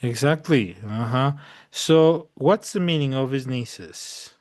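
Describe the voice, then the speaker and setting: A man's voice: mid-range voice, takes it slowly, a little mellow, no echo. Bilingual male English teacher, dry sound. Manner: mixes English with Spanish translations, checks understanding often. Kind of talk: bilingual classroom lesson.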